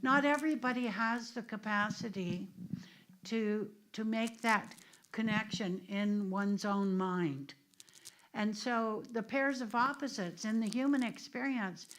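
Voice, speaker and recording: A woman's voice: on the high side, unhurried. A middle-aged woman minister from the United States, leading an informal discussion and telling stories with restarts and asides. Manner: conversational, storytelling, with restarts and asides. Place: church meeting room.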